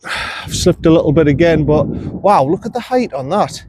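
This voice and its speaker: A man's voice: on the high side, animated, moderate pace, noisy background. A man, chatting casually to the camera as he plays a round of golf outdoors and coaches himself between shots. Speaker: golf vlogger. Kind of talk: casual on-course commentary.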